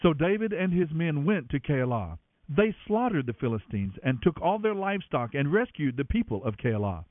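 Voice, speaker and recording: A man reading scripture aloud as a radio program host, with dramatic, expressive narration. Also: on the high side, moderate pace, no echo. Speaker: Bible reader. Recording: tinny narrow-band radio, dry.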